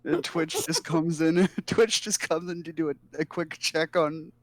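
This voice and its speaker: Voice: mid-range voice, a little slow, no echo. A guest on a podcast, giggling through casual chat.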